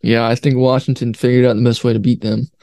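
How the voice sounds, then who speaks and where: A young man co-hosting a casual sports podcast, easygoing and quick to laugh. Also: medium pitch, little pitch movement, gravelly, mellow, no echo, clean studio sound. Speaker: podcast co-host.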